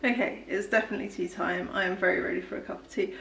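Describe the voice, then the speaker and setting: A young woman, chatting casually in a home kitchen while filming a relaxed day-in-the-life vlog, rambling with frequent ums and little laughs. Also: fairly low pitch, fast, creaky. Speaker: vlogger.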